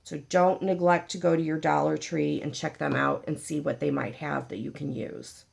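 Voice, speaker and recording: A woman's voice: low-pitched, fairly even intonation, moderate pace, vocal fry, a little mellow, husky. A woman hosting a casual paper craft tutorial, chatty and joking with her viewers as she works. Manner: chatty, jokey, talks to viewers while working.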